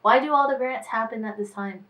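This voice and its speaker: A woman's voice: on the high side, fairly quick, fairly bright tone, recorded from a distance, rough recording. A tired woman managing artists talks through her week in a casual diary vlog, sighing and trailing off as she thinks aloud.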